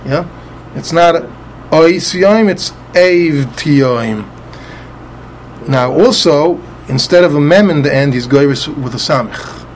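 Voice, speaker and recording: A man's voice: on the high side, normal speed, few pauses, slight background noise. A man teaching a Talmud passage, methodically spelling out letters and often repeating words as he explains. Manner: spells out Hebrew letters and vowels with Ashkenazi pronunciation.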